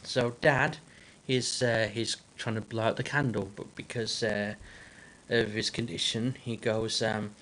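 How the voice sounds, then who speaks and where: A man's voice: lowish voice, fairly even intonation, a bit bright, slight background noise. A man hosting a livestream, telling a joke casually with many fillers and restarts. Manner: halting, full of fillers and restarts. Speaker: livestream host.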